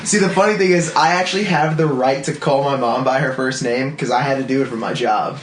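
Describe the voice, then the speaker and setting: A man's voice: mid-range voice, fairly quick, background noise. Brash swearing man in an echoey room. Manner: brash, swears freely, laughing. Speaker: podcast co-host. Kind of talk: casual chat. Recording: roomy room with crowd chatter behind.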